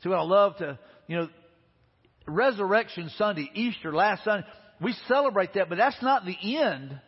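A man's voice: sits high, animated, moderate pace, breathy edge. A man pastor preaching a sermon, retelling scripture in a conversational way with frequent restarts. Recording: reverberant hall, dull lo-fi sound.

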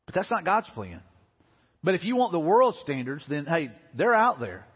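A man's voice: fairly high pitch, very animated, moderate pace, breathy edge, faint music behind. A middle-aged man, preaching a sermon as pastor in a folksy, conversational way. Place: church sanctuary. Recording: dull lo-fi audio in a reverberant hall.

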